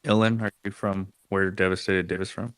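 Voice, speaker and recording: A man's voice: deep voice, flat delivery, fairly quick, fairly bright tone, clean tone. A man hosting a casual live audio chat, talking in a loose, joking way. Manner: loose, joking bro talk. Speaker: host.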